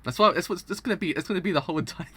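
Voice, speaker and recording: A man's voice: sits high, racing, bright, forceful tone, slightly rough, no echo. A young man streaming a live reaction, talking with dramatic, exaggerated mock outrage and frequent laughter.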